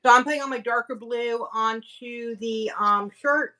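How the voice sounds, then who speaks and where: A woman teaching tie-dye on a livestream, explaining each step in a steady way with small fillers. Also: on the high side, normal speed. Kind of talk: livestream craft demo chat.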